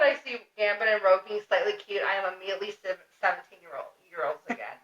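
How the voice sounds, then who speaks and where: A young woman co-hosting a podcast, recapping a comic in animated, casual talk, laughing and swearing freely. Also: mid-range voice, quick pace, few pauses. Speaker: podcast co-host. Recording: roomy, distant, dull lo-fi sound.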